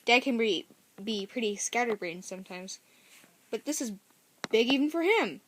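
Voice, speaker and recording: A woman reads a novel aloud in a casual, first-person way. She often stops to correct herself and adds chatty asides. Her voice sits somewhat high. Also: expressive, moderate pace. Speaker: story reader.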